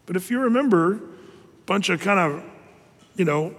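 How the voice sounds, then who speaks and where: A male pastor delivers a sermon with emphatic, joking sarcasm. His voice is high for a man. A long reverb hangs on his words. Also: expressive, moderate pace, fairly bright tone.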